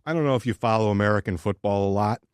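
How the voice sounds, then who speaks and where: A man's voice: fairly low pitch, quick pace, clean tone, no echo, studio quality. A man co-hosting a sports podcast, ranting in casual chat and swearing freely. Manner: profane, ranting. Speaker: podcast co-host.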